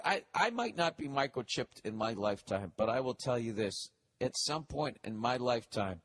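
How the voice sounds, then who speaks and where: A middle-aged man ranting to his listeners in a loose, profane way. His voice sits at an ordinary middle pitch. He breaks off into mocking asides while reading letters aloud. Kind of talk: casual rant and letter reading.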